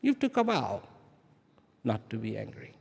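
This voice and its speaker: A man giving a live spiritual talk to an audience, firing rhetorical questions and repeating key words, swinging between loud emphasis and hushed asides. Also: fairly low pitch, huge pitch swings, measured pace, vocal fry, husky. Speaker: speaker addressing an audience. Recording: long hall reverb.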